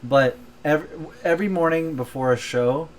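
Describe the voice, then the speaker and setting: A man's voice: on the high side, brisk, a little hiss or hum. A man on a podcast in casual chat, often chiming in with short agreements and swearing casually as he talks. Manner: frequent backchannel, swears casually. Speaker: podcast co-host.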